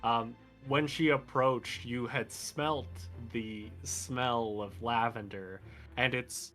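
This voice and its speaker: A man running a tabletop game as game master, narrating in a relaxed, gentle way with plenty of fillers. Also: mid-range voice, slow, faint music behind.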